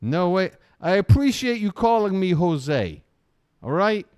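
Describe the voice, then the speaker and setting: Sarcastic high-voiced man riffing. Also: very animated, a little slow, darkish tone, clear, resonant tone. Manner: sarcastic, jokey, swears, does mocking voices. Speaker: live stream host reacting to videos. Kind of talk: casual riffing commentary.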